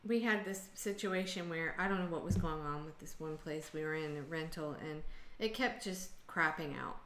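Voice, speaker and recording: A woman's voice: low-pitched, normal speed, noisy background. Blunt, venting American woman, echoey room. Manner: exasperated, blunt venting with sarcasm. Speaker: host. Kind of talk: casual group chat on a video call. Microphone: video call.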